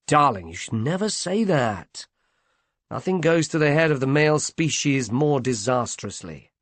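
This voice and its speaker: Man doing a witty young suitor, teasing, lifted lively voice, dry close sound. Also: mid-range voice, normal speed, no echo, lightly acted. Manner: teasing, theatrical.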